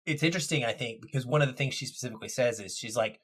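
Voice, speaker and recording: Husky man chatting on a podcast. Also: medium pitch, racing, hardly any pauses, a bit bright. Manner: rambling, searches for words. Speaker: podcast co-host. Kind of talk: casual film discussion.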